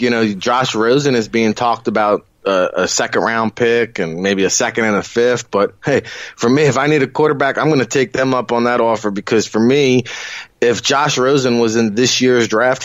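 A man's voice: mid-range voice, no echo. A man with a New Jersey accent, a guest analyst talking eagerly in a rambling casual way, peppered with "you know". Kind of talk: casual interview talk. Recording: dull lo-fi remote line.

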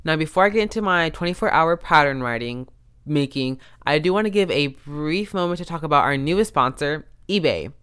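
A man's voice: a little high, expressive, a little fast, a bit bright, clear, resonant tone. A man hosting a podcast, telling a story in a rambling, casual way, often cutting himself off with restarts and asides. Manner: self-interrupting, restarts and asides. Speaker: podcast host. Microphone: podcast microphone.

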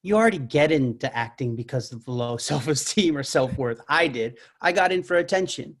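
A man's voice: mid-range voice, expressive, moderate pace. A man in his thirties, an actor and musician, talking as a guest in a casual podcast chat, reflective and earnest as he builds long thoughts. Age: 30s.

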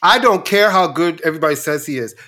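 A man co-hosting a podcast, chatting casually and ranting in a campy, animated way. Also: on the high side, fast. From New York. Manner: animated, campy, rants about sports. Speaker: podcast co-host. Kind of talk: casual chat.

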